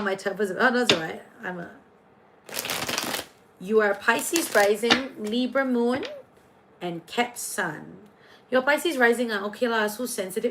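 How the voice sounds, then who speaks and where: A woman with a slightly high voice chats playfully through a livestream, reading out astrology signs for viewers. She hops quickly from comment to comment. A faint hiss of background noise sits under her voice. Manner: chatty, playful, jumps between comments. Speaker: livestream tarot and astrology reader.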